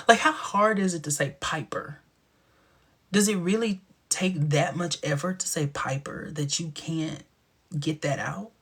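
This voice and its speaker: A man's voice: on the high side, unhurried, slightly rough. A man hosting a casual live stream, chatting to viewers in a playful, sassy way with lots of laughter and dramatic asides. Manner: animated and playful, with frequent laughter.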